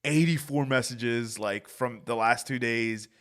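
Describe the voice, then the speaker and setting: A young adult man telling a story in a casual, animated, profane way as a podcast co-host. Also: medium pitch, a little slow.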